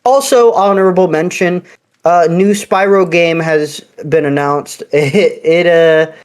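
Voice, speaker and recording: A podcast co-host in casual chat, excitable and blunt, swearing offhand. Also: medium pitch, a little slow, smooth.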